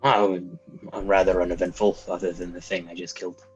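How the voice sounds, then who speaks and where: A man playing a tabletop game, joking in a dry, deadpan way. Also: low-pitched, brisk, slightly rough, dull audio, faint music behind. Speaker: player. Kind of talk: casual tabletop role-play.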